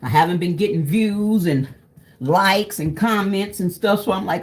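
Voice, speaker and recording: Here a woman speaks in a mid-range voice at a measured pace, casually talking to viewers over her cooking. She runs a cooking vlog and calls everyone "y'all."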